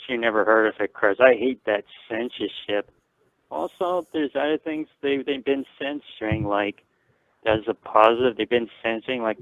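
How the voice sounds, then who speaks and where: A man's voice: fairly low pitch, no room sound. A man calling in to a live show, rambling and hesitant, with many fillers. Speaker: caller. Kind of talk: casual call-in chat. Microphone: phone call. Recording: tinny dry phone line.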